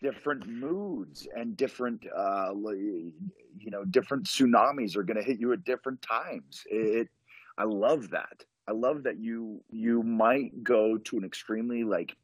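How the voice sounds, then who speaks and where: A professional wrestler appears as a podcast guest, telling a story in casual chat with eager, rambling enthusiasm and frequent restarts. His voice is fairly low and husky, his pace unhurried, with no room sound.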